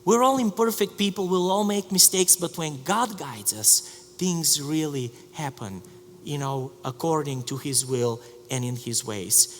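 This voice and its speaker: High-pitched guy preaching, lots of restarts, echoey church hall. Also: measured pace, slight background noise. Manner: storytelling, animated with many restarts. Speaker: pastor. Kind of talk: sermon. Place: church sanctuary.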